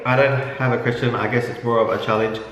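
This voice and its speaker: A man's voice: medium pitch, steady tone, fast, a bit bright, heavy reverb, in a large hall, a little hiss or hum, poor audio. A man, the vlogger's partner, answering questions in a dry, joking way. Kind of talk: casual couple Q&A.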